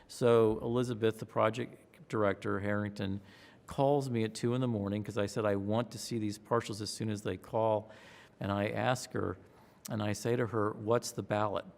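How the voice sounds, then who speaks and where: A man, a pollster, recounting a campaign story in an interview, acting out his own excitement with gasps and a raised voice. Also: fairly low pitch, normal speed, vocal fry. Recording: long hall reverb.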